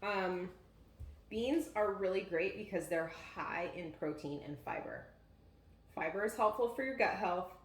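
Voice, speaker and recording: A woman with a low-ish voice co-hosts a casual cooking demo in a home kitchen, speaking a bit slowly but with animation as she explains things chattily, full of fillers. The kitchen sounds echoey, and there's background noise.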